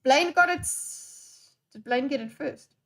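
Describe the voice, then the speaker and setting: High-voiced, playful woman streamer. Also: takes it slowly, fairly bright tone. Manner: scattered, swears freely, playful. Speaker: live streamer reading chat. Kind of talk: unscripted live-stream chat.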